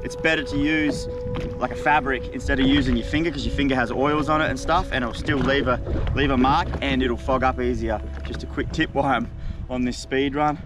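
A man's voice: mid-range voice, fairly even intonation, a little fast, background noise. A man, chatting to himself and his camera while fishing outdoors, muttering when frustrated. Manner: self-talk, frustrated muttering. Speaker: fishing vlogger. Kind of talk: casual spearfishing vlog. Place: outdoors on the water. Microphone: GoPro camera. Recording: dull lo-fi action-camera audio with music.

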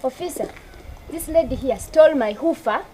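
A woman's voice: high voice, moderate pace, a little mellow, natural voice. A woman acting in a comedy sketch as someone insistently complaining that her things were stolen. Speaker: sketch character.

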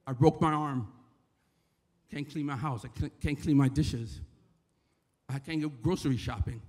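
A Bronx man with a New York accent gives an informal sermon as a church member, his medium-pitched voice unhurried and a little mellow. He keeps it conversational, repeatedly asking the crowd "right?" The church hall is echoey.

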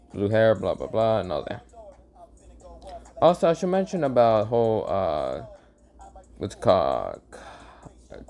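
Rambling low-voiced man retelling a story. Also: dark tone. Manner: rambling, many fillers, stumbles over names and corrects himself. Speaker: YouTube storyteller. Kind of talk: casual improvised fan-fiction retelling.

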